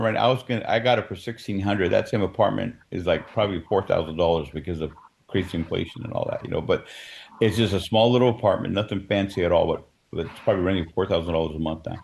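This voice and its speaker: Guy with a lowish voice telling his life story to a meeting, chatty, does the voices of people he quotes. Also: darkish tone. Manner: conversational storytelling, acting out quoted dialogue. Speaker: guest speaker. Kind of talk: personal testimony told to a meeting.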